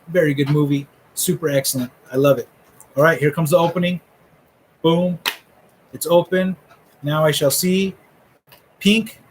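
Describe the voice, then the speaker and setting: Slight background noise sits under a low-quality recording of a middle-aged man with a slightly high voice. He hosts a live fantasy football draft order reveal, bantering casually with friends in rambling, joking trash talk.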